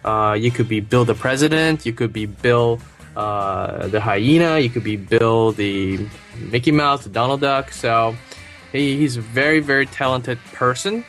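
A man with a mid-pitched voice chatting loosely about a talented castmate. He jokes and swears casually. Faint music plays behind him. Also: measured pace, fairly bright tone. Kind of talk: casual interview remarks.

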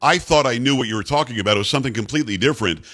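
A man's voice: medium pitch, very fast, fairly bright tone, slightly rough. A man hosting a talk radio interview, brash and blunt, cutting in on his guest. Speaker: radio talk show host.

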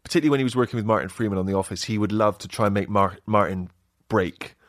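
A man's voice: on the low side, rapid-fire, no echo, clean studio sound. A man talking as a podcast guest, hesitant and wry, often correcting himself mid-sentence. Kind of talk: casual chat.

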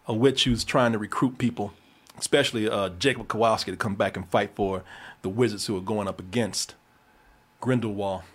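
A man hosting a podcast, chatting casually about a movie, animated and profane, laughing often. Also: medium pitch. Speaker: podcast host. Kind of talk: casual movie review chat.

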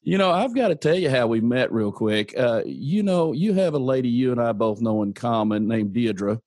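A man's voice: mid-range voice, lively intonation, moderate pace, a little mellow, dry recording. A man hosting a podcast, speaking in an upbeat, encouraging and playful motivational tone. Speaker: podcast host. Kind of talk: motivational interview talk.

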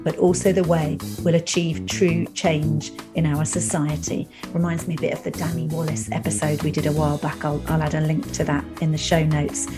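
A woman's voice: low voice, little pitch movement, normal speed, few pauses, over music. Teasing woman podcast host. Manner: teasing, swears freely. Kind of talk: casual podcast interview.

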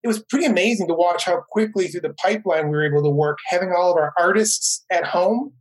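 A man's voice: high voice, fast, low-quality recording. A man, a guest who produces animation, chatting casually and telling stories on a video call, often restarting his sentences. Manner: rambling, restarts, enthusiastic storytelling.

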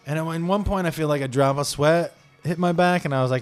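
Man, comedic storyteller, rambling, animated, tangents, higher voice, faint music behind. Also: brisk, clean tone. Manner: animated, jumping into digressions and voices.

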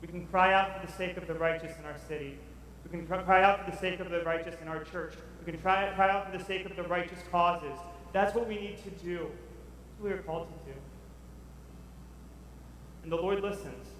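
Male preacher, higher voice, animated storyteller, caught from a distance in a big reverberant hall. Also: normal speed. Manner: animated, acts out Bible figures. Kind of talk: sermon. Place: large church hall. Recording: echoey hall recorded from far off.

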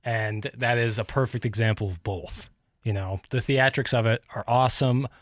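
A man's voice: mid-range voice, fairly even intonation, moderate pace, no echo, studio quality. A young man co-hosting a sports radio show, rambling casually with lots of "like" and defending his opinions. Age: young adult. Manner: rambling, heavy use of "like", defensive. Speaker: radio co-host.

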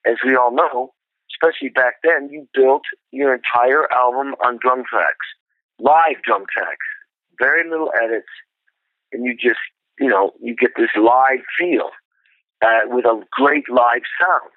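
A man's voice: medium pitch, unhurried, dry recording. Middle-aged guy spinning a salty band story, sounds thin like over a phone, dry. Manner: animated, profane, acts out quotes. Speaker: drummer telling his story. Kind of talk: storytelling interview. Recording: tinny phone-like line.

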